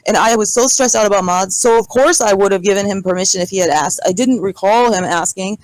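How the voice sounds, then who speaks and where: A woman's voice: medium pitch, a little fast, few pauses, dry recording, rough recording. A woman, a server owner, defending herself in a voice-chat argument, pleading and explaining.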